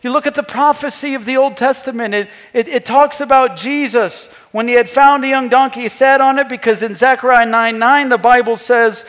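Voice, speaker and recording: A male pastor preaching a sermon, emphatic, dropping to a hush and then rising to loud. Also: very high-pitched, steady tone, fairly quick, few pauses, long reverb tail. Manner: emphatic, swings between hushed and loud, acts out scripture quotes. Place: church.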